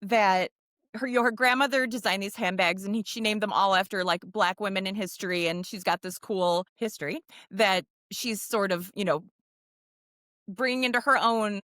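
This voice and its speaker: A woman's voice: medium pitch, moderate pace, a bit bright, dry recording, clean studio sound. A woman co-hosting a podcast from home, recapping a film in casual chat and acting out the characters' lines with frequent laughter. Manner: recaps the plot, acting out quotes, laughs often. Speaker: podcast co-host.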